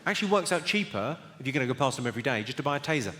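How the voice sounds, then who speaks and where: A man doing stand-up comedy, deadpan and brisk, teasing people in the audience from a theatre stage. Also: medium pitch, very noisy. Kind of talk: stand-up comedy with crowd work. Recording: echoey theatre hall, loud audience.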